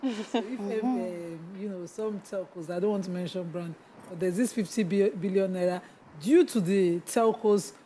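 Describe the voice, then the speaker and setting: Nigerian female TV co-host, dark mellow tone, chatty with fillers. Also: medium pitch, moderate pace, slight background noise, rough recording. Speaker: morning show co-host. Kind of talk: breakfast TV news chat.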